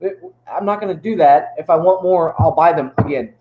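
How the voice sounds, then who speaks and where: A man's voice: on the high side, normal speed, narrow, tinny audio. Enthusiastic Texan man in echoey room. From Texas. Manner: enthusiastic, rambling storyteller. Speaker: YouTuber and museum worker. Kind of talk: casual chat to viewers. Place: dated gift shop indoors.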